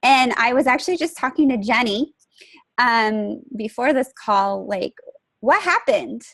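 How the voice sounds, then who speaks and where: A woman's voice: a little high, animated, unhurried, a bit bright, no room sound. A woman coaching her team on a group call, chatty and upbeat, with many fillers and restarts. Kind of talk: casual conference call.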